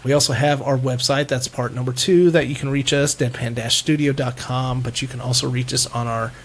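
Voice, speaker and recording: A man's voice: mid-range voice, steady tone, brisk. A man hosting a casual podcast, rambling loosely and laughing often. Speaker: podcast host. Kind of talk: casual chat.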